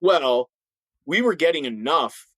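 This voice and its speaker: A man's voice: on the high side, animated, measured pace, a bit bright, no room sound, low-quality recording. A man in his fifties, a retired police officer, telling blunt stories in an interview with a slight lisp and frequent restarts. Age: 50s. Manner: blunt, emphatic, repeats words when starting sentences. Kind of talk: candid interview storytelling.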